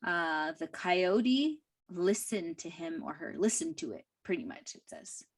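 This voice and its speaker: A woman teaching a language class, reading a short story aloud line by line and explaining it slowly and carefully. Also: lowish voice, big pitch swings. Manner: slow, careful, with fillers and soft laughs.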